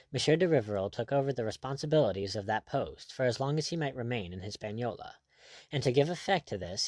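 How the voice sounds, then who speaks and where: A man's voice: medium pitch, a little mellow, no room sound. Man narrating an audiobook.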